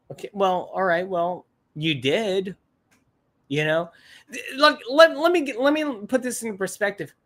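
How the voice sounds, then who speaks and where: A man with a slightly higher voice talks loosely to viewers on a livestream. He rambles, repeats himself and swears freely, in a blunt, offhand way. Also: animated, moderate pace, fairly bright tone. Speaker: livestream host. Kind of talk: casual chat to live viewers.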